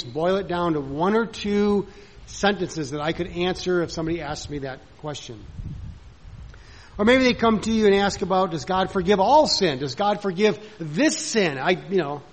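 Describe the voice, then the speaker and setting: A man's voice: sits high, rough recording. A man preaching a sermon in a conversational way, full of rhetorical questions and acted-out bits of dialogue.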